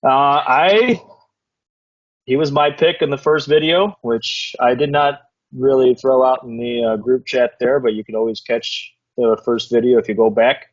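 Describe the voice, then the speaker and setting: A man's voice: mid-range voice, fairly even intonation, moderate pace. Laid-back man co-hosting, lo-fi sound. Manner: laid-back, rambling, laughs often. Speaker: co-host of a fantasy football recap. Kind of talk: casual chat. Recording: dull lo-fi recording.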